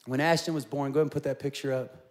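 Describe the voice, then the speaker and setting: A man in his forties preaching a sermon, telling personal stories in an animated way and rising to loud, emphatic peaks. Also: mid-range voice, racing. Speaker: pastor.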